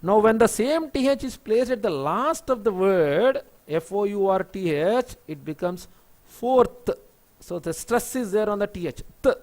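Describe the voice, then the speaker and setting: A man whose first language is Telugu, teaching an English pronunciation lesson. He spells words out letter by letter and talks in a patient, halting way. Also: high-pitched, expressive, a little mellow. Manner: many fillers and restarts.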